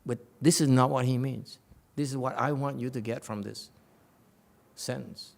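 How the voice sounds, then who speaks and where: Gravelly, blunt Buddhist teacher. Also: male voice, mid-range voice, steady tone, moderate pace. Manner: blunt, joking, repeats for emphasis. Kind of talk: dharma lecture. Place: meditation center hall.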